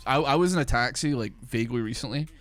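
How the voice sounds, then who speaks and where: A young man with a softened Glasgow accent rambles through casual stream talk, peppering it with "like," "man" and swearing. His voice sits at an ordinary middle pitch. He sounds loose, chatty and offhand while he plays. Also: fast talker, a little hiss or hum. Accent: Glasgow Scottish, softened. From Glasgow, Scotland. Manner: rambling, profane, full of "like" and "man". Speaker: game streamer. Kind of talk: casual live-stream chat while gaming.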